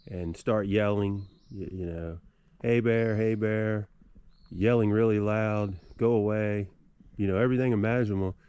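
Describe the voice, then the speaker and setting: A middle-aged man vlogging outdoors at a mountain campsite, telling a story in a relaxed, rambling way with lots of fillers and restarts. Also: on the low side. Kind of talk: casual storytelling to camera.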